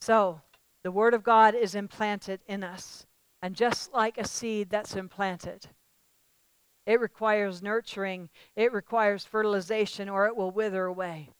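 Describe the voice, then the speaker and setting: A woman preaching a sermon to a live audience. She speaks emphatically, calls out to the listeners and rises to loud declarations. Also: medium pitch, fairly even intonation, a little slow, clean tone, dry recording.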